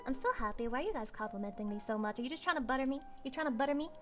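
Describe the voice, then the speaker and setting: A woman livestreamer chatting casually with her viewers, excitable and swearing freely. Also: high-pitched, rapid-fire, faint music behind. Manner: excitable and swearing, with squeals and laughs.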